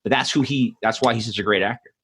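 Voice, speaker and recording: A man hosting a podcast speaks in a mid-range, slightly bright voice with a breathy edge at a quick pace. He answers questions through casual chat and stories, rambling and restarting with lots of fillers.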